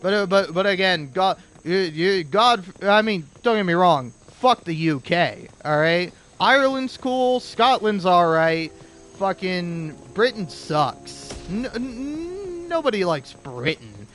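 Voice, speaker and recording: A man's voice: high-pitched, very animated, slow, a bit bright, faint music behind. A young man giving a rambling, profane, sarcastic commentary while playing a video game. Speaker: gaming commentator. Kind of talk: casual ranting gameplay commentary.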